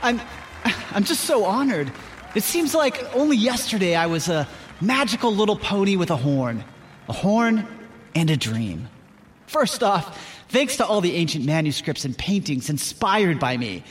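A man's voice: high-pitched, very animated, normal speed, big-room sound, a little hiss or hum. Man playing a gushing, vain unicorn. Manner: theatrical, grateful, boastful. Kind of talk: comic acceptance speech.

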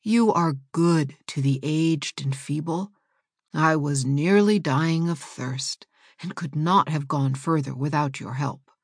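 A feeble, kindly old woman from a fairy tale, voiced by a woman. She speaks slowly and weakly in a low, soft voice that sometimes thins to a whisper. The sound is close and dry. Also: husky, no room sound, exaggerated voice. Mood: gentle, frail. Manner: slow, weak and soft, sometimes half-whispered.

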